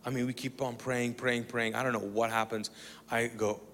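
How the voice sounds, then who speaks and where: A man from the Middle East preaching a sermon, telling a story with acted-out dialogue and moving between loud bursts and quiet, hushed lines. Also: medium pitch, little pitch movement, moderate pace, slight background noise. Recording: long reverb of a large hall.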